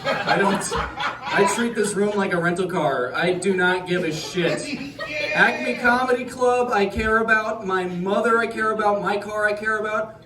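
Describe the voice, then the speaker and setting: A male stand-up comedian telling a rambling, self-deprecating set in deadpan. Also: sits high, far from the mic. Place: comedy club stage. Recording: roomy club sound with crowd laughter.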